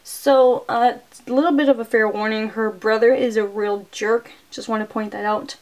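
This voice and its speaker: A woman's voice: on the high side, normal speed. Chatty woman recapping a movie. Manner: chatty, many fillers, excited retelling. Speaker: movie reviewer.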